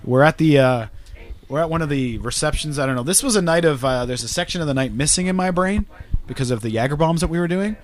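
A man's voice: on the high side, fast. A man hosting a podcast, telling rambling, profane stories in casual chat. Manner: profane, rambling, animated storyteller. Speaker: podcast host.

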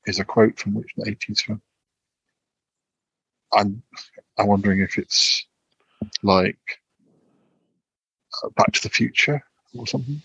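Husky-voiced man hosting a quiz. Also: lowish voice, a little slow, long pauses, a bit bright, dry recording, lo-fi sound. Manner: hesitant, lots of ums and restarts. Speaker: podcast host. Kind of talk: casual chat, reading quiz questions.

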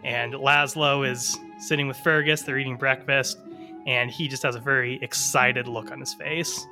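A man narrating a tabletop game as game master in a calm, steady way. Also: mid-range voice, normal speed, soft background music.

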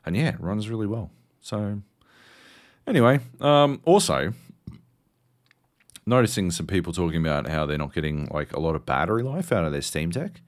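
Lively, swearing Australian man. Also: moderate pace, long pauses. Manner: animated, swearing storyteller, jumps high in pitch for quoted outbursts. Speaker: podcast co-host. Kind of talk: casual chat.

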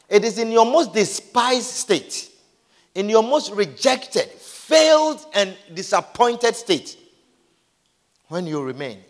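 A male preacher giving a sermon, repeating his points and often asking the congregation whether they understand. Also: on the high side. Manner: repeats lines and asks the crowd if they understand. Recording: long hall reverb.

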